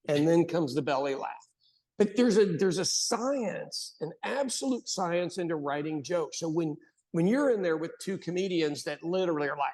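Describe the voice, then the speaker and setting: An American man co-hosting a podcast, chatting casually and telling stories with animated acted-out quotes. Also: sits high, moderate pace. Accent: General American. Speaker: podcast co-host. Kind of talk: casual chat.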